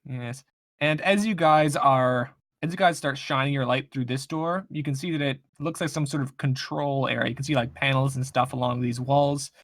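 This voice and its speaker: A man's voice: mid-range voice, steady tone, moderate pace, fairly bright tone, dry recording, clean studio sound. Casual man running a tabletop game. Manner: casual, loose narration with fillers. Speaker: game master.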